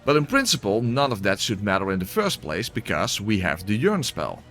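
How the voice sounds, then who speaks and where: A man's voice: on the low side, wildly swooping pitch, normal speed, fairly bright tone, soft background music. A man giving casual gameplay commentary and voice-over narration, exclamatory, swearing, with wry asides.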